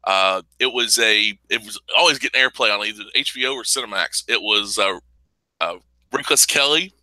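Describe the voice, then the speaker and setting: Bright-voiced rambling podcast host. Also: male voice, fairly low pitch, moderate pace, no room sound, rough recording. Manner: rambling, profane, enthusiastic. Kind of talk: casual chat.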